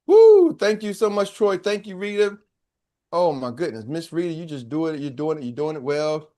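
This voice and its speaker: A man hosting a live morning sales call as coach, energetic and joking, talking loosely into a real microphone on a video call. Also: a little high, normal speed. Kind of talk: casual hype talk on a live video call.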